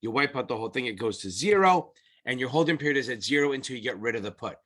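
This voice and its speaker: A middle-aged male tutor walks through exam material in a loose, unscripted way, blunt and salty with his language. His voice is bright and forceful, and he keeps circling back to restate his points. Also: medium pitch, lively intonation, fast. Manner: blunt, profane, rambling explanations. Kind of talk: casual whiteboard lesson.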